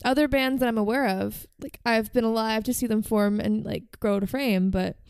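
A woman's voice: on the high side, normal speed, a little mellow, smooth, no echo. A woman hosting a podcast, telling a story in casual chat with lots of "like" fillers. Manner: chatty, frequent "like" fillers. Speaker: podcast host.

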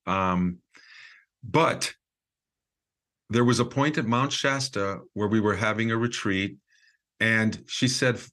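A man who is a podcast guest, telling a story casually, with lots of fillers and acted-out quotes. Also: on the low side. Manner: lively storyteller with frequent fillers and quoted dialogue.

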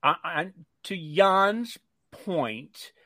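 A man co-hosting a casual talk show, cutting in firmly to set the record straight. His voice sits a little high and sounds dry and close to the mic. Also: animated, drawn-out words, bright, forceful tone, no room sound. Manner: firm, interjecting, correcting others. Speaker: co-host. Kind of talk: casual chat.

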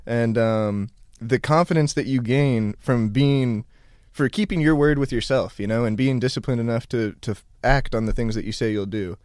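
A man's voice: medium pitch, normal speed, a little mellow, dry recording, studio quality. A man hosting a podcast, giving laid-back, profane advice in casual chat.

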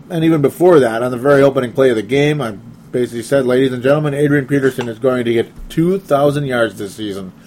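A man's voice: mid-range voice, darkish tone, slight background noise. A man hosting a casual sports talk show, reading listener comments and chatting in a self-deprecating way with frequent laughs.

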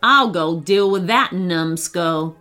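A woman doing a gruff bossy crook. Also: fairly low pitch, slow pace, pushed and bright, soft background music. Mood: angry. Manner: gruff, snapping. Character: gruff bossy male crook, short-tempered.

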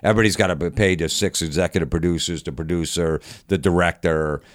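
Speaking at a quick pace in a deep voice, a podcast guest from Florida tells stories in a casual chat, animatedly performing the quoted voices of the characters. The recording is studio quality with no room sound.

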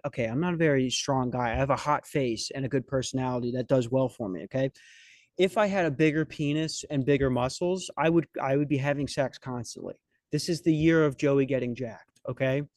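This podcast host is a young man with a mid-range, somewhat mellow voice, captured in a dry recording. His comic story meanders, full of profanity and jokes at his own expense, in a comedic storytelling chat.

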